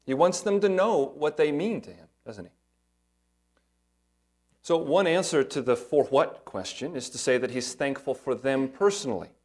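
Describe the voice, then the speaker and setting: A man, a pastor, preaching an earnest sermon, stressing points and asking rhetorical questions. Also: mid-range voice.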